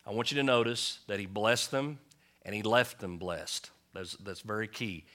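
A male pastor preaches in a church in a conversational way, calling out to the congregation for responses. His voice sits a little low but sounds bright and forceful. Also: normal speed. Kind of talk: sermon.

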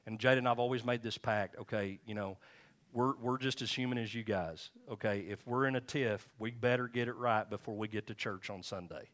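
A man's voice: lowish voice, fairly quick, a bit bright. A man pastoring a church, preaching a sermon and telling stories from his marriage in a conversational, chuckling way.

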